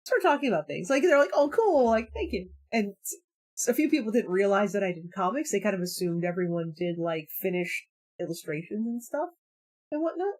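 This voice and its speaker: A woman in her forties chatting casually on a live stream, telling stories in an animated way and laughing often. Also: medium pitch, fairly quick. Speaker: streamer and comic artist.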